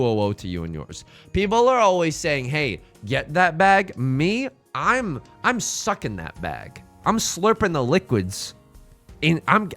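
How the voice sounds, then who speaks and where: A man streaming live and chatting casually with his viewers while he plays. He sounds slightly hoarse and is excitable and self-mocking. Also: medium pitch. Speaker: livestreamer.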